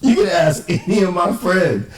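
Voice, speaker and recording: A man speaking with an emphatic, indignant edge, his pitch swinging widely as he tells his story. He sits a little back from the mic, and the room around him rings with echo. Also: big pitch swings, moderate pace, recorded from a distance. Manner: emphatic, indignant, quotes others in exaggerated voices. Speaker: self-described amateur cipher investigator. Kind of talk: animated personal monologue.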